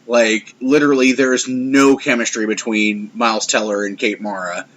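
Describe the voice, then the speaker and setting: A man's voice: medium pitch, little pitch movement, moderate pace, a bit bright, highs cut off, slight background noise. A man co-hosting a podcast, casually trashing a movie in a profane, rambling, sarcastic way. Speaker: podcast co-host. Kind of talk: casual movie review chat.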